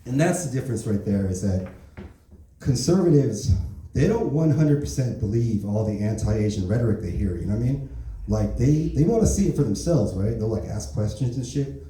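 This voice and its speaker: A man working an open mic stand-up set, casual and profane, tagging his jokes with "right?" and "you know?". His voice is dark and mellow, and his pitch moves in lively swings. He is heard from a little distance in a boomy, echoing club room with faint noise behind him. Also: fairly quick. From Korean heritage. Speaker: stand-up comedian.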